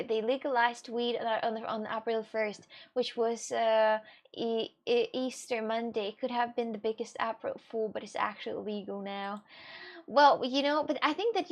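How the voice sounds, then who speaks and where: A woman's voice: on the high side, moderate pace, dull audio. A young woman streamer chatting casually with her viewers, rambling along and swearing now and then.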